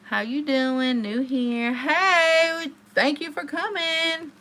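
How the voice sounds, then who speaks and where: Woman, young, livestream host; bright, slightly high voice, gabby storyteller with loud high-pitched outbursts. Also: slow. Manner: chatty, storytelling, swings into high exclamations. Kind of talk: casual livestream chat with viewers.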